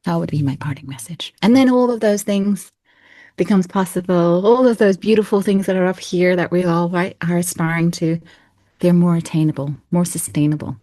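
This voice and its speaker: Heartfelt interview talk from a coach in her thirties who is a guest: she laughs a lot while speaking with earnest expression. The lowish, dark voice moves at a moderate pace, recorded without echo.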